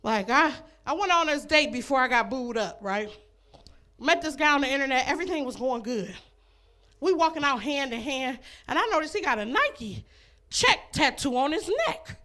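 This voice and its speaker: A woman's voice: high voice, expressive, moderate pace, sharp tone. A woman doing a stand-up comedy set, brash and laughing between her jokes, on a comedy club stage.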